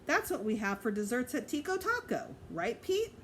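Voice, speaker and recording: A woman's voice: fairly high pitch, sing-song, normal speed, fairly bright tone, slight background noise, voice pushed up. Woman doing a chirpy cheeky little boy. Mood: playful. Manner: eager and chirpy.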